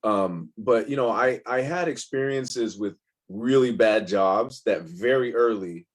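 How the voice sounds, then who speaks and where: A man's voice: medium pitch, unhurried. A man, a guest in an interview, telling personal stories candidly in a rambling way, with many restarts. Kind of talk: casual interview storytelling.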